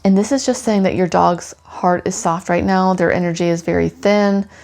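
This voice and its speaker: A woman with a low, gravelly voice talking through a tarot reading. She speaks softly and soothingly and leans on "you know" fillers, like a casual chat with a client. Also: steady tone, moderate pace. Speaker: tarot pet reader.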